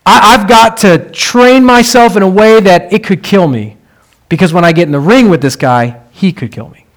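A man voicing a determined, stubborn young male boxer, speaking in a quiet, resolute way as he retells a film in a sermon. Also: sits high, normal speed.

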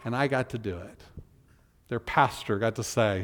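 A male pastor telling a personal story in a sermon, earnest and emotional, often halting and restarting his sentences. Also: medium pitch, a bit bright. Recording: reverberant hall.

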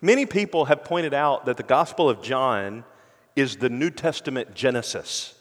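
A male pastor preaching a sermon with earnest conviction, often dropping to a hushed tone for emphasis. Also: mid-range voice, expressive, normal speed, in a large hall.

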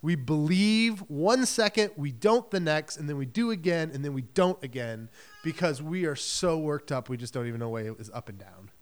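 A man preaching a sermon in a conversational, animated way, acting out the story in quick quoted voices. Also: fairly high pitch. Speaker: pastor.

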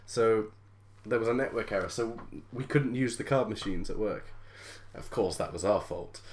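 A woman's voice: a bass voice, normal speed, a little mellow. A British woman in casual chat, telling an exasperated shop-work story with frequent laughter. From Britain.

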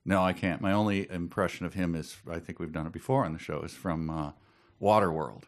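A man with a very low voice trades casual podcast banter. His jokes land in a dry, deadpan way. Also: brisk. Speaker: podcast co-host.

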